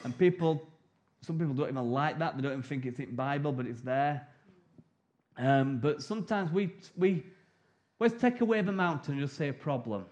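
A man's voice: on the high side, lively intonation, moderate pace, a little mellow, highs cut off. A middle-aged man preaching a sermon in a chatty, humorous way, acting out prayers and replies.

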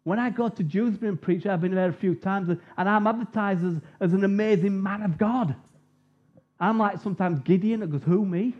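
A man's voice: high voice, a little fast. A man preaching an informal sermon, chatty and jokey, telling personal stories, on a dull lo-fi recording.

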